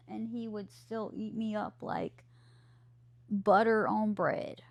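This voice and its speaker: A woman's voice: mid-range voice, steady tone, takes it slowly, gravelly. A woman with a Southern US accent, chatting casually with her live stream viewers and answering their questions aloud.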